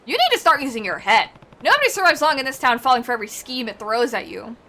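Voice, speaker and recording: A woman's voice: on the high side, big pitch swings, quick pace, bright, forceful tone, full character voice. A woman voicing a stern, weary grown man in a game read-along.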